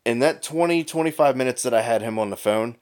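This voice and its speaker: Man, co-host, casual yarn-spinner, profane and lively, mid-range voice. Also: medium pitch, fast talker, clear, resonant tone. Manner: animated storyteller, swears freely. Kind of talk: casual chat.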